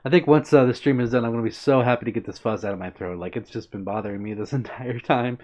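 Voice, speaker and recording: A man's voice: medium pitch, fast, a little mellow. A man hosting a live stream, chatting casually and answering viewers by name in an upbeat way. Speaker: livestream host reading chat. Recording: dull lo-fi stream audio.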